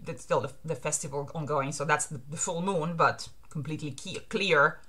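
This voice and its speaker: Excitable, bright-voiced woman reacting. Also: sits low, moderate pace. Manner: excitable, gushing, with laughs and whispered pleading. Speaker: manga reaction vlogger. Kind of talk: reaction vlog reading aloud.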